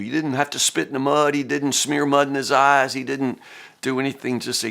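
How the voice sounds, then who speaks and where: A man giving a relaxed, folksy devotional talk on scripture. His voice has a gravelly edge. He repeats words and fillers freely and drops into little acted-out quotes as he goes. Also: medium pitch, brisk. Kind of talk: casual Bible devotional talk.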